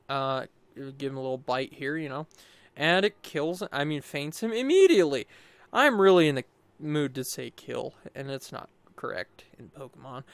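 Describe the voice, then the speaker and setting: Young guy rambling over his gameplay, super clear voice, dry close mic. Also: fairly high pitch, no echo. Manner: rambling, upbeat, many fillers and quoted asides. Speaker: gaming YouTuber. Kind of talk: casual gameplay commentary.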